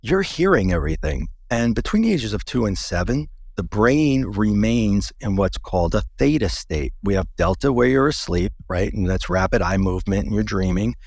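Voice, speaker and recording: A man speaks earnestly as a guest, walking through his own story in a loose, conversational manner. His voice sits low and gravelly with a husky edge, and it is recorded dry and close. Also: lively intonation, moderate pace, few pauses, no room sound. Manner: earnest, conversational, restarts mid-sentence. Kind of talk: personal storytelling interview.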